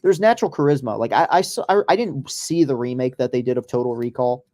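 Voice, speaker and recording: A man's voice: medium pitch, quick pace, darkish tone. A man hosting a casual podcast, chatting loosely over a live baseball game with profane, rambling asides. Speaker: podcast host.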